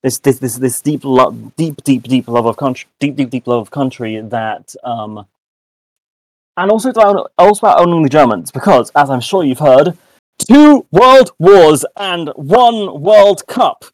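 A man's voice: medium pitch, normal speed, dry recording, low-quality recording. A young British man, a podcast co-host, talking in a rambling casual way with many restarts and self-mocking asides. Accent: British English. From United Kingdom. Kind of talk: casual chat.

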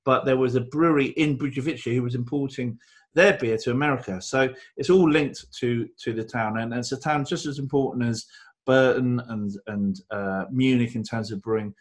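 A man's voice: mid-range voice, normal speed. A man co-hosting a casual beer-tasting chat, rambling and enthusiastic, with frequent restarts and fillers. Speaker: podcast co-host.

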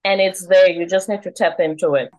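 A woman's voice: on the low side, steady tone, a little fast, a little mellow, low-quality recording. A South African woman hosting an interview, asking questions with brief, encouraging prompts. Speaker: podcast host.

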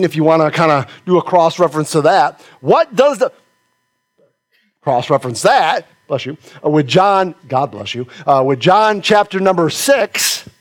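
A man preaching a sermon, folksy, asking the congregation questions and joking with them. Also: high-pitched. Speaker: pastor. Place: church sanctuary with congregation.

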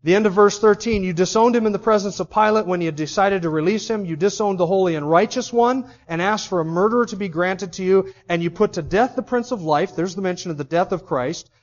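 A man's voice: high-pitched, quick pace, hardly any pauses, muffled recording. A man preaching an expository sermon, reading scripture aloud and then pressing home his points with emphasis.

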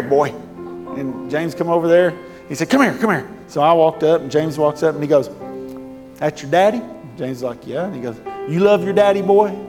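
A man's voice: fairly high pitch, a little mellow. A middle-aged man, telling a story in a sermon to his congregation in a folksy, emphatic way that builds to fervor. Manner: folksy, emphatic, rising to fervent. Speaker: preacher. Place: church sanctuary. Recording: long hall reverb with music.

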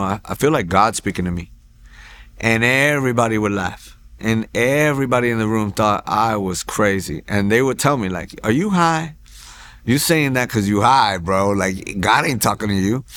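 A man's voice: lowish voice, fairly bright tone. A man in his forties sharing a personal faith testimony in a church, telling it in an earnest, rambling way with restarts and asides.

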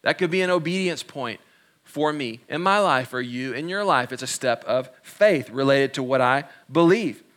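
Bright-toned earnest male pastor. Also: mid-range voice, lively intonation. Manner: earnest, encouraging, leans on slow emphasis. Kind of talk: sermon.

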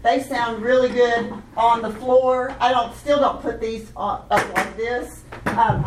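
At a conference session in a meeting room, a woman runs a hands-on children's music workshop for adults, chatty, upbeat and laughing often. Her mid-range voice is recorded from a distance in a roomy hall, with noisy background and group chants echoing.

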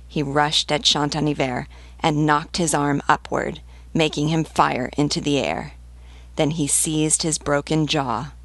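Woman reading a novel aloud, creaky voice. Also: low voice, no room sound. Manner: measured, steady narration. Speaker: literature teacher reading aloud.

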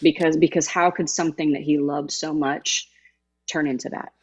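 A woman's voice: low-pitched, steady tone, moderate pace, husky, dull audio. A woman guest in an interview, telling an emotional story with emphatic, heartfelt delivery. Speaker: guest, former sideline reporter. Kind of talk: conversational interview.

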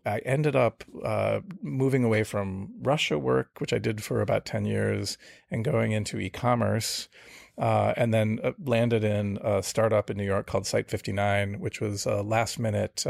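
Gravelly low-voiced man, reflective. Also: darkish tone, dry recording. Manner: reflective, with many fillers and restarts. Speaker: startup founder. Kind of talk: interview answers.

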